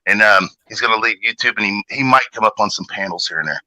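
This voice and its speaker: A man hosting a livestream panel, telling a long story in casual, profane talk and jumping up in pitch when he gets outraged. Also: fast, low-quality recording. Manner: animated, swings pitch up sharply when outraged.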